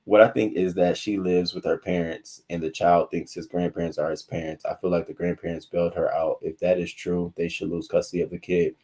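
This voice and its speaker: Husky low-voiced man hosting a livestream. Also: brisk, hardly any pauses. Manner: animated and profane, with frequent asides to viewers. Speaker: livestream news commentary host. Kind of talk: casual livestream commentary.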